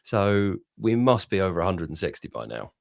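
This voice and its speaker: A British man co-hosts a podcast in easy, joking chat. His voice is low for a man. The sound is dry and close. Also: sing-song, normal speed, creaky, dry recording. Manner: chatty, joking. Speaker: podcast co-host. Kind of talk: casual chat.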